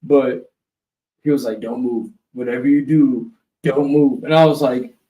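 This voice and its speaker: A man co-hosting a live webshow, telling a long profane story in a loose, animated way. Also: mid-range voice, a little slow, roomy sound, distant mic, rough recording. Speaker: co-host. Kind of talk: casual storytelling chat.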